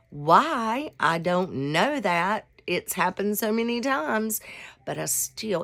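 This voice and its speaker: A woman's voice: on the low side, gravelly. A woman in her sixties hosting a casual devotional vlog, talking in a rambling, heartfelt way. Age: 60s. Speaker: vlog host.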